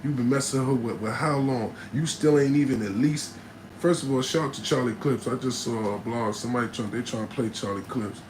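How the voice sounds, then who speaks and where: Speaking fairly quickly in a mid-range voice, a battle rapper from New Jersey responds to his livestream chat in casual, blunt slang. The recording is low-quality, with a constant hum of background noise.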